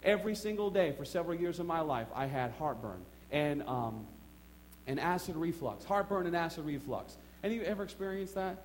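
Man, middle-aged, preacher, emphatic storytelling sermon, church, higher voice. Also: brisk, slight background noise. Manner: storytelling, emphatic, swings from quiet asides to excited outbursts. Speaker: pastor.

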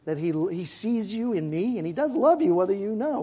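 A man preaching a sermon to his congregation in a church, in a conversational way with asides and quick jokes. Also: sits high, very animated, a little mellow, husky. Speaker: pastor. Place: church sanctuary.

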